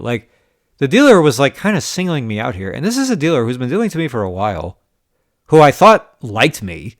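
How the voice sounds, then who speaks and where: A man's voice: lowish voice, no room sound, studio quality. A man telling poker stories in a casual, exasperated, venting manner, swearing now and then. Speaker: poker vlogger. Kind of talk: casual storytelling recap.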